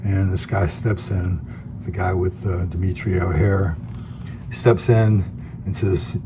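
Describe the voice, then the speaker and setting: Low-voiced laid-back man retelling a comic. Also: slow pace. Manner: laid-back, rambling, lots of fillers. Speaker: comics video host. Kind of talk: casual retelling of a comic story. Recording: steady background noise.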